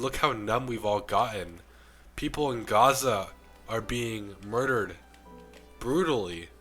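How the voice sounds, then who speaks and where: A young man with a rough, strained voice from the flu, giving an impassioned self-improvement monologue to camera. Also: lowish voice, sharp tone. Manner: preachy, impassioned. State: sick, losing his voice.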